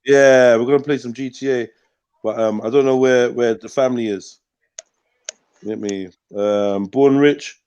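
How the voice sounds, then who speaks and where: A man's voice: medium pitch, steady tone, a little slow, darkish tone, smooth. Slangy man hosting a live chat. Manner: loose, slangy banter. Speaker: host. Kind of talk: casual live-stream panel chat.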